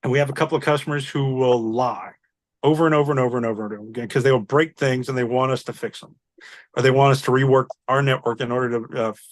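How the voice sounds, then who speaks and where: Animated man telling a work story. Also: mid-range voice, fast, no echo. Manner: animated, acts out quoted voices, swears casually. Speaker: network support worker. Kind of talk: casual storytelling chat.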